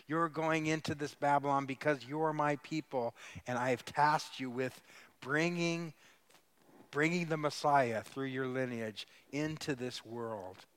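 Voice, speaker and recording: A man's voice: fairly high pitch, steady tone, a little slow, fairly bright tone, clear, resonant tone, voice pushed up. A man voicing God speaking to his people, raised and emphatic in a sermon. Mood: solemn.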